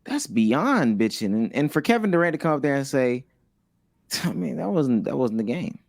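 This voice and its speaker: A man's voice: medium pitch, sing-song, normal speed, gravelly, darkish tone, no room sound, clean studio sound. Blunt, emphatic male podcast co-host. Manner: blunt, emphatic, repeats his point. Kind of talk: casual sports chat.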